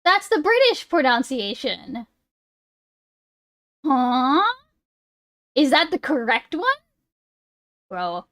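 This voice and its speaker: A woman's voice: high-pitched, sing-song, slow pace, pauses often, fairly bright tone, dry recording. A woman streamer chatting casually, swearing and laughing as she fumbles over a word. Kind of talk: casual live-stream chat.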